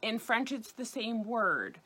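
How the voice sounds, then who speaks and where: A woman's voice: a little high, very animated, bright, forceful tone. American woman teaching French, New York accent. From United States. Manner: clear, deliberate, careful over-enunciation of example words. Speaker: French teacher on a video channel. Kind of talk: scripted language lesson.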